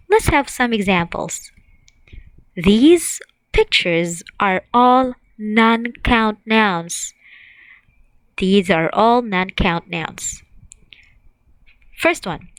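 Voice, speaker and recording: Slow, careful woman teaching grammar. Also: medium pitch, fairly bright tone, no room sound, low-quality recording. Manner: slow, drilling and repeating words, asks students to repeat. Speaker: English teacher. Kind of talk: online grammar lesson for learners.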